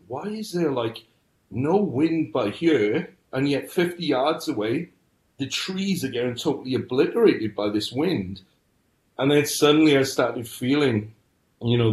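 Middle-aged man, earnest storyteller, mid-pitched voice, roomy echo. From United Kingdom. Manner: earnest storytelling, frequent restarts. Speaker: podcast guest. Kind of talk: personal testimony.

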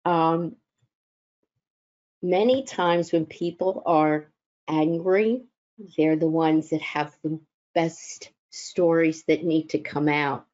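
Slow, mellow-voiced woman telling stories. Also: deep voice, fairly even intonation, lo-fi sound. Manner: slow, gentle, reflective with filler pauses. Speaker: chaplain. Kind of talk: personal storytelling talk.

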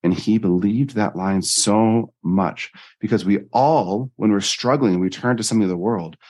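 A man, a life coach, telling personal stories in an earnest, animated interview style. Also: moderate pace. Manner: earnest, animated storytelling with jumps in pitch. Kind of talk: conversational interview storytelling.

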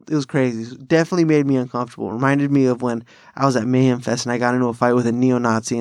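A man rambles through stories on his podcast, swearing freely. His voice sits at a middle pitch. The sound is dry and close, with no room around it. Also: a little mellow, dry recording. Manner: profane, rambling bro-style storytelling with frequent laughs. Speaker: podcast host. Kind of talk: casual chat.

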